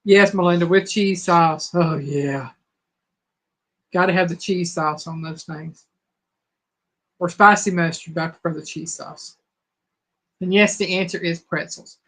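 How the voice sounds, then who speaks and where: A woman hosting a live trivia chat. Her voice is hoarse, and she talks casually while reading out viewers' answers. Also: fairly low pitch, a little slow, pauses often. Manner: chatty, reads out viewers' answers.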